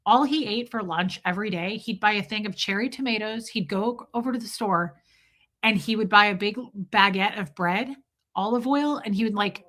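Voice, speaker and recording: A woman in her forties telling candid, rambling stories on a casual live stream, slipping into quick impressions of the people in them. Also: medium pitch, fairly bright tone. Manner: candid, rambling storyteller, does voices of people.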